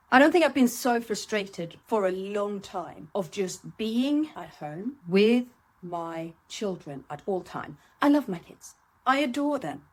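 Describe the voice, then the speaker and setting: A middle-aged woman hosting a reflective solo podcast, candid and animated, talking from her home. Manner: candid and animated, voice jumps high when acting out her own thoughts. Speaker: podcast host. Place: seated at home.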